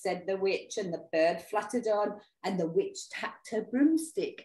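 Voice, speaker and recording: A woman storyteller reading a picture book aloud to young children, expressive and engaging. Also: lowish voice, unhurried, hardly any pauses, roomy sound. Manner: expressive, talks to young listeners. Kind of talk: animated read-aloud for children.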